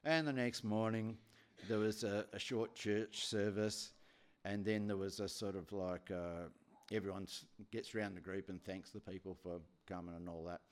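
A man's voice: fairly low pitch, fairly even intonation, moderate pace. A man preaching a sermon, telling a story with many repetitions.

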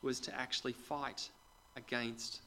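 A man's voice: medium pitch, level tone, unhurried, a little hiss or hum, low-quality recording. Conversational man preaching a sermon. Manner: conversational, addresses the congregation directly with questions; drops to quiet asides. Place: church with a congregation.

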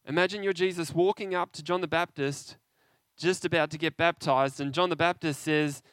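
His voice fairly high and clean, this preacher moves at normal speed through a lively, conversational sermon, often turning to his audience with questions. The recording is dry.

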